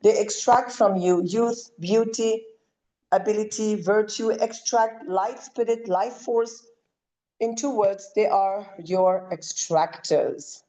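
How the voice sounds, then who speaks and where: Slow, mellow-voiced woman chanting commands. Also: medium pitch, rough recording. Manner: commanding incantations, soft coaxing asides. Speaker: spiritual healer leading a session. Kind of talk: live spiritual clearing session.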